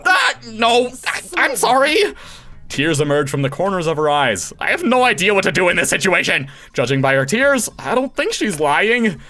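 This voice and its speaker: Lively, bright-voiced male game reader. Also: high voice, moderate pace. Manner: theatrical, bursts into laughs and shouts. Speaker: voice actor playing a visual novel. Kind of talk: acted game reading with reactions.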